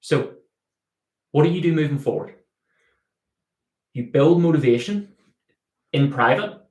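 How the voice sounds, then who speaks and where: A man's voice: a little high, expressive, a little slow, a little mellow, echoey room. A man, a dog trainer, answering viewer questions in a live Q&A, explaining with everyday analogies and acting out the dog's thoughts.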